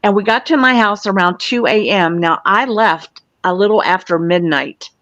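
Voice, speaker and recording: Her mid-range voice has a fairly bright tone and moves at a moderate pace. She's a Florida guest in her sixties, a UFO field investigator recounting personal events earnestly and matter-of-factly, captured on a dull, dry lo-fi recording.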